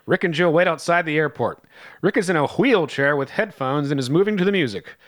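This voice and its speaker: A man's voice: on the high side, animated, fairly quick, a bit bright. A man co-hosting a comedy podcast, playful and wisecracking in casual chat. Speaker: podcast co-host.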